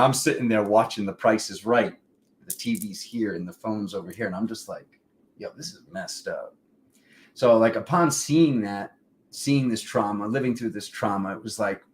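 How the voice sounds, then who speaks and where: A man hosting a spiritual livestream, telling a personal story in a rambling, animated way and acting out the voices of the people in it. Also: on the low side. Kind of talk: casual storytelling monologue. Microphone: livestream setup.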